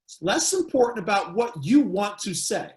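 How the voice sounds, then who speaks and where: A man giving a webinar lecture on public speaking, measured and emphatic, addressing one listener by name. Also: sits high, big pitch swings, darkish tone. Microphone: webinar mic. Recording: echoey room.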